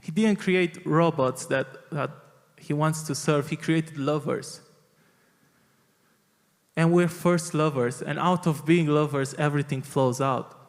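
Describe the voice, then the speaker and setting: Earnest man preaching in a reverberant hall. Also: on the high side. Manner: earnest, emphatic preaching with frequent restarts. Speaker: pastor. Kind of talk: sermon. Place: large church hall.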